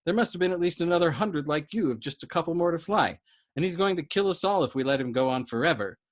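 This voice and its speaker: A man voicing a frantic, agitated young male bomber pilot who blurts out loud, excitable outbursts in a storybook reading. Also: a little high, quick pace, voice pushed up, natural voice.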